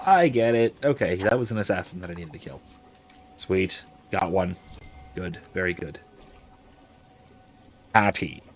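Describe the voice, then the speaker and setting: A man's voice: low-pitched, moderate pace, long pauses. A man casually commenting while playing a fantasy game, reading viewer messages aloud and musing over skill choices. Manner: chatty, reads chat aloud, muses over skills. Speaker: game streamer.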